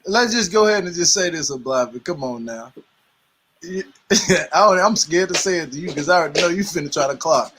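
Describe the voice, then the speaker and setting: A man's voice: on the high side, expressive, brisk, fairly bright tone, a little hiss or hum. A man in a casual reaction chat, laid-back and slangy, teasing the others. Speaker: co-host reacting to a reality show.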